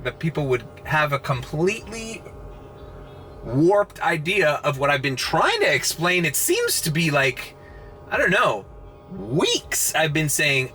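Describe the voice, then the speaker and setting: In his parked car at a charging station at night, a rideshare vlogger running on little sleep delivers an early-morning sarcastic rant to camera, swearing freely. He speaks in a fairly high, pushed, bright voice.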